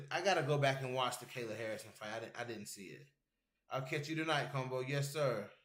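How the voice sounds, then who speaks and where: Hosting an MMA show, a man chats casually with his livestream viewers in a loose, rambling, profane style, reading chat messages aloud. His voice is medium-pitched with a fairly bright tone, and the sound is reverberant.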